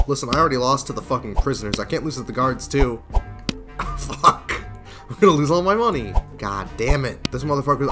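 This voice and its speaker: Man, gameplay commentary, swearing and laughing, pitch jumping all over, clear music bed behind. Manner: profane, laughing, with sudden yelled outbursts. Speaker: gaming video creator. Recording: game music playing under voice.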